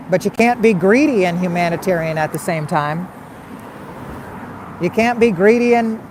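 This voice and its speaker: A man hosting a casual livestream reads out viewer comments and argues back with repeated rhetorical questions. His voice is high-pitched and a little mellow, with a slight hiss or hum in the recording.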